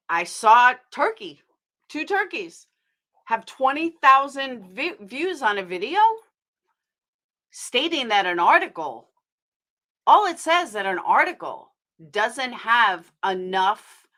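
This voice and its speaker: Lively, bright-voiced woman ranting on a livestream. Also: on the high side. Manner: blunt, swears freely, rambling and heated. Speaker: livestream host. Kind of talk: casual live-stream commentary.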